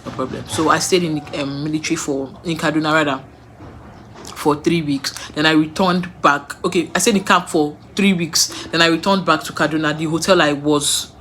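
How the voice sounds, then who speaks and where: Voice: medium pitch, fairly even intonation, moderate pace, fairly bright tone, a little hiss or hum. A young adult with a Nigerian accent tells personal stories in a casual way, repeating words for emphasis and laughing between sentences. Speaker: vlogger.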